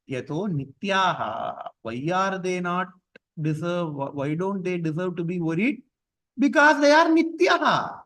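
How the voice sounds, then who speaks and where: A man teaching a class on scripture verses. He explains each point patiently with repetition and chants the verses slowly. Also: on the high side, a bit bright, low-quality recording.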